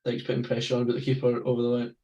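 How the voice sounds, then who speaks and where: A Scottish man co-hosting a podcast, giving quick running football commentary between casual chat. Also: medium pitch, completely flat delivery, warm tone, roomy sound, muffled recording. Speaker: podcast co-host. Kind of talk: live football watchalong commentary.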